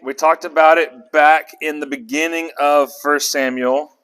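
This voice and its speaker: A man leading a casual Bible study, animated and conversational, often asking the group questions. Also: a little high, unhurried, clear, resonant tone.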